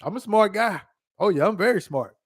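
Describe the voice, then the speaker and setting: A man in his thirties telling childhood stories casually to his phone camera, animated and laughing, with quick asides and repeated words. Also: high voice, slightly rough. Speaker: vlogger.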